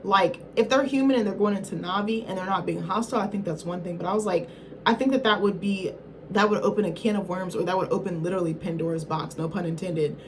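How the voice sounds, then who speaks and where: A woman's voice: mid-range voice, quick pace, slight background noise. A woman reviewer giving a casual film recap in a rambling, slangy, profane way, often correcting herself mid-thought.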